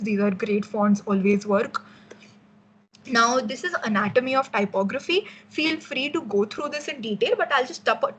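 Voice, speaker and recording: A woman's voice: on the high side, a bit bright, slight background noise, rough recording. A young woman with an Indian English accent, giving a casual workshop lecture on design as a mentor, explaining with frequent fillers and restarts.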